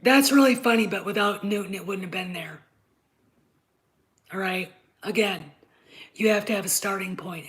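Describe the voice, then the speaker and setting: A woman's voice: medium pitch, normal speed, long pauses, low-quality recording. Insistent woman lecturing her stream chat. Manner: insistent and lecturing, often checks with "okay?"; emphatic, repeats points. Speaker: live stream host. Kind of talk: unscripted live stream rant to chat.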